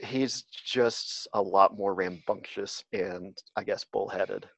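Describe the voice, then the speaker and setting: A man's voice: sits low, fairly even intonation, slow pace, gravelly, breathy edge, dry recording. A man talking casually as an interview guest, hesitant and full of fillers and restarts, heard on a dull, slightly lo-fi recording. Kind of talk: casual conversation.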